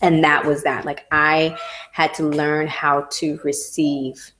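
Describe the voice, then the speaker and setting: Slow, low-voiced candid woman. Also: little pitch movement, a bit bright, slight background noise. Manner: candid, emotional, slangy, drawn out. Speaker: vlogger. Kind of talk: casual personal storytelling.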